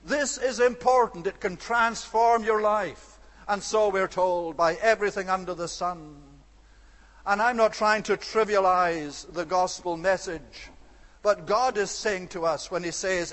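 A man preaching an expository sermon, earnest and measured, slowing down to stress key words. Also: high-pitched, a bit bright. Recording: long reverb of a large hall.

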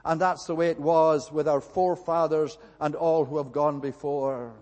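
A man preaching a sermon in a slow, measured way, stressing his points through repetition. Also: a little high, steady tone, darkish tone, big-room sound.

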